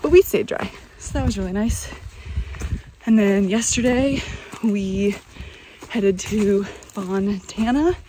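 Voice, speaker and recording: A woman's voice: medium pitch, takes it slowly, warm tone, low-quality recording. Woman, upbeat casual trail vlog into a handheld phone outdoors; faint background noise. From North Carolina. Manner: chatty, upbeat, loose and rambling. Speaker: vlogger.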